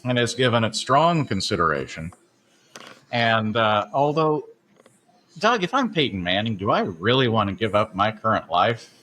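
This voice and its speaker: A man's voice: lowish voice, big pitch swings, normal speed, sharp tone, slight background noise. A man hosting a sports podcast in casual chat, chatty and full of "uh" fillers. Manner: chatty, many "uh" fillers, laughs at his own asides. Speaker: podcast host.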